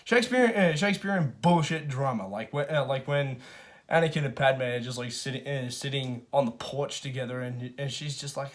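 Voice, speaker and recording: Male reviewer, mid pitch, loose chatty delivery, lots of false starts and filler, casual swearing. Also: fairly quick. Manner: rambling, many restarts and fillers. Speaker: movie reviewer. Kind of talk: casual spoken film review.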